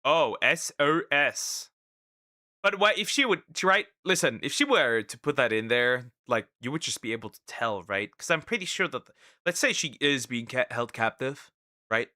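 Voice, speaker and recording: A man streaming and reacting to videos in casual commentary, animated and exclaiming, often repeating himself. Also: medium pitch, normal speed, dry recording, clean studio sound.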